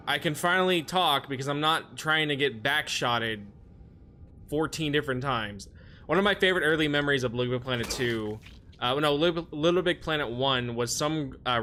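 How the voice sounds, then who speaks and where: A man streaming a video game, chatting casually with his viewers and now and then yelling at the game. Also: medium pitch, moderate pace, a little hiss or hum. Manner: yells at the game in frustration, then chats with viewers. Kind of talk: casual gaming stream chat.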